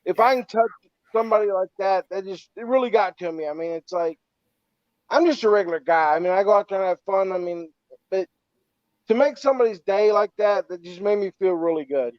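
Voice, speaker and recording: A man's voice: high-pitched, fairly quick, clean tone, no room sound. A man telling a heartfelt story in a rambling, casual way on a podcast. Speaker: podcast co-host. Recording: dry, muffled lo-fi audio.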